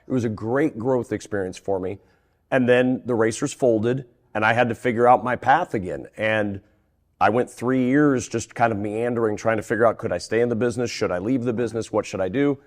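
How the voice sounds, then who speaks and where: Middle-aged male sportscaster, interview guest; animated storyteller, stumbling restarts. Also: lowish voice, a little fast. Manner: animated, laughs through anecdotes, frequent restarts.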